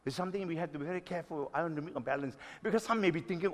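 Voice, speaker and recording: A pastor in his sixties preaching a sermon, emphatic, stretching key words slowly and swinging between loud and soft. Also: a little high, lively intonation. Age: 60s. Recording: long reverb of a hall.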